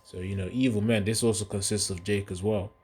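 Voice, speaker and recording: A man's voice: fairly low pitch, steady tone, brisk, darkish tone, breathy edge. A man giving casual religious commentary in a loose, rambling way, full of filler asides.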